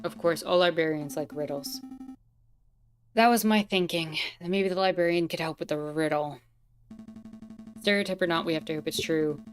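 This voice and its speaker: A woman's voice: low voice, normal speed, long pauses, soft background music. A woman streamer giving casual, chatty commentary while playing a game, thinking aloud and laughing easily.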